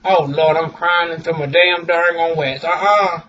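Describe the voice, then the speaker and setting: Sassy high-voiced man chatting to camera. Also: measured pace, lo-fi sound, a little hiss or hum. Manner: sassy, expressive, talks straight to viewers with "honey" and "y'all". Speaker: vlogger and aesthetician. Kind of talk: casual chatty vlog.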